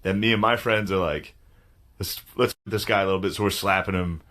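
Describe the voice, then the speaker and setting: A man's voice: deep voice, fairly quick. A man telling stories in a casual chat. He laughs a lot, swears, calls people "dude" and acts out other people's lines. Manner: laughing, animated storytelling with quoted voices; coarse, jokey, says "dude" often. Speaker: comedian and podcast host.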